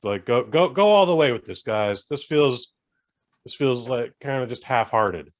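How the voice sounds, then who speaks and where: A man's voice: medium pitch, lively intonation, measured pace. A man co-hosting a podcast in casual chat, blunt and emphatic, swearing as he rants. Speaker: podcast co-host.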